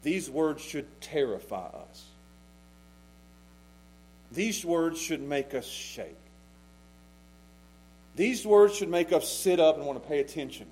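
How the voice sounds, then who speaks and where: Man, preacher, high-pitched, impassioned, loud then hushed, slight background hum. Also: lively intonation, slow pace, long pauses, low-quality recording. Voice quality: passionate, swinging from loud pleas to hushed intensity. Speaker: pastor. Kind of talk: sermon.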